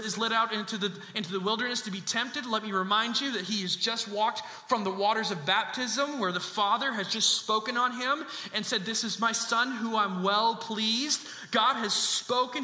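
Bright-voiced, emphatic preacher man. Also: very high-pitched. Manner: emphatic, repeats key lines, animated with laughs. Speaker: pastor. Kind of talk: sermon. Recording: echoey church hall with long reverb.

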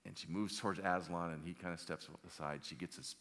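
A man preaching a sermon, telling a story in an animated way and often repeating words. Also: low voice, brisk. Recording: long hall reverb.

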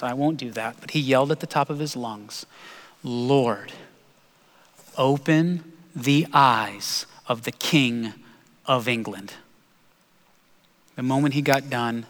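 A man preaching a sermon as pastor, telling a story earnestly and slowing down for emphasis. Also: medium pitch, a bit bright. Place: church sanctuary. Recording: long hall reverb.

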